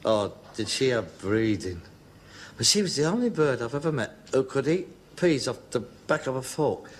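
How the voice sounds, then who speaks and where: An actor playing a short-tempered, snobbish middle-aged son in a sitcom, full of theatrical outbursts. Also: male voice, mid-range voice, big pitch swings, moderate pace, a little hiss or hum, close to an everyday voice. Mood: boastful. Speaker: sitcom character.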